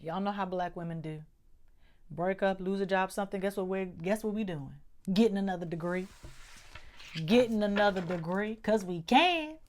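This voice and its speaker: A woman's voice: mid-range voice, normal speed. A woman giving a casual tarot reading, speaking emphatically, repeating phrases and talking straight to her viewers. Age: adult with doctoral degree. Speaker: tarot reader.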